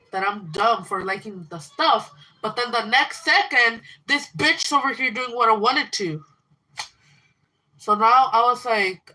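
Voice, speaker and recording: A woman's voice: fairly high pitch, bright, forceful tone, low-quality recording. A teenage girl ranting angrily on a livestream, swearing a lot and retelling a fight with a friend. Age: teens. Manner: angry, profane, fast ranting storytelling. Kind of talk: livestream rant.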